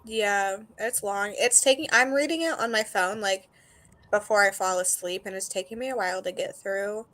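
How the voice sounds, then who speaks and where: A woman with a bright, clear tone talks easily on a group video call. She chats in an easygoing way and sometimes reads details out loud. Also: mid-range voice, moderate pace. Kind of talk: casual chat on a reading livestream.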